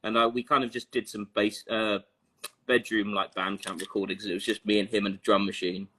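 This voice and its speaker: A man's voice: lowish voice, level tone, brisk, sharp tone, slight background noise. A man musician chatting as a podcast guest, rambling and self-mocking. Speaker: band member guest. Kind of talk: casual chat.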